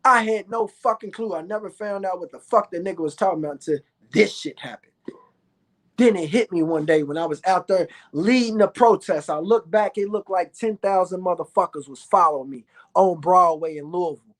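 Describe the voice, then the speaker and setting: A man's voice: high-pitched, fairly quick. A man rants straight to camera, bragging and swearing constantly. He circles back and repeats his own lines to hammer each point home. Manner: boastful, profane, repetitive. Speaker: vlogger. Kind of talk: ranting vlog monologue.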